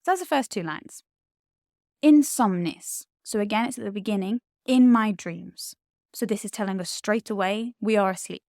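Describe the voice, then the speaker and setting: A woman's voice: mid-range voice, quick pace, hardly any pauses, dry recording. Woman tutor talking thru latin poetry, keen and chatty, dry close sound. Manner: enthusiastic, chatty explaining with filler ums.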